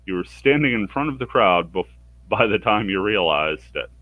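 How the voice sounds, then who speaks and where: Wry low-voiced man narrating a game. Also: expressive, moderate pace, phone-quality sound. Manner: wry and sarcastic, bursts into higher pitch for characters' lines. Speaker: let's play streamer. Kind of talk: reading game dialogue aloud with sarcastic commentary.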